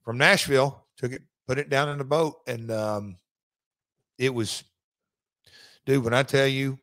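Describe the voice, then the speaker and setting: A man recalls his work as an interview guest, rambling casually through asides and restarts. His voice sits at a middle pitch. The sound is dry, with no room around it. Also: fairly even intonation, a little slow, fairly bright tone, no echo. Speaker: wrestling executive guest.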